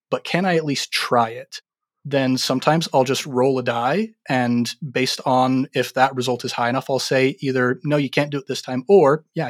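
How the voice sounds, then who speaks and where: Game master guy chatting about tabletop rules, relaxed, dry mic. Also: mid-range voice, no echo. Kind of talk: casual podcast chat.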